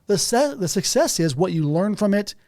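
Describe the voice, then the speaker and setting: A man's voice: high-pitched, moderate pace. A man as a podcast guest in a house, telling stories animatedly and laughing between sentences. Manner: animated storytelling, often laughing mid-sentence. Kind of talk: casual conversation.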